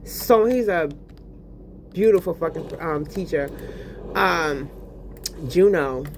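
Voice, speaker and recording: A woman talks in a loose, profane, animated way, with a fairly low voice. Faint keyboard typing sits under her speech. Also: slow, noisy background. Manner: profane, animated storytelling, lots of fillers. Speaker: vlogger. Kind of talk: casual rant while gaming.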